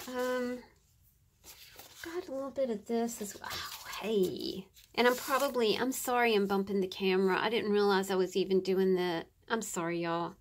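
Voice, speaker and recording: A woman's voice: mid-range voice, moderate pace, a little hiss or hum. A woman chatting casually through a crafting tutorial, muttering to herself and often dropping to a whisper as she works. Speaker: crafter demonstrating journal pages.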